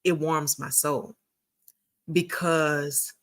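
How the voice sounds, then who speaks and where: A woman's voice: deep voice, steady tone, very slow. A woman hosting a casual live stream, chatting with viewers and telling a story, often repeating and restarting her phrases. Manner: chatty, addresses viewers as y'all. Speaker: community founder and host.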